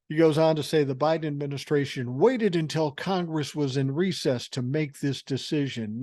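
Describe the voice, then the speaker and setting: This older podcast host's voice sits on the high side with a darkish tone, recorded dry and at studio quality. His political commentary comes out as a profane, sarcastic, mocking rant.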